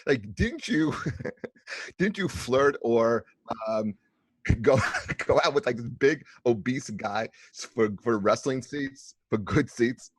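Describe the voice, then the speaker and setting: A man's voice: mid-range voice, lively intonation, slow, husky, no echo. A male comedian co-hosting a podcast asks the guest questions in a giggly, teasing way. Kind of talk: casual podcast chat.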